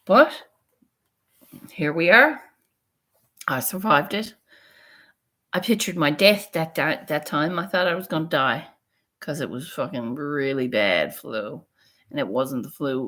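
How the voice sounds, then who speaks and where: A woman's voice: rumbling low, animated, unhurried, long pauses, a bit bright. A woman vlogger telling a personal story in a frank, rambling, profane way. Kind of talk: casual storytelling vlog.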